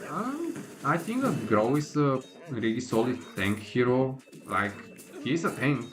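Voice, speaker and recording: A man's voice: medium pitch, very animated, measured pace, over music. A man giving casual, opinionated livestream commentary while he plays, with a laid-back manner and lots of filler words. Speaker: gaming livestreamer.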